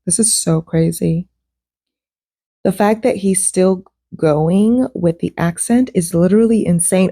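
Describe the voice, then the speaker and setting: A woman's voice: lowish voice, unhurried, dark tone, dry recording, clean studio sound. A woman hosting a reaction show, talking casually and animatedly and calling her listeners "y'all" and "ladies". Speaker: host reacting to a clip.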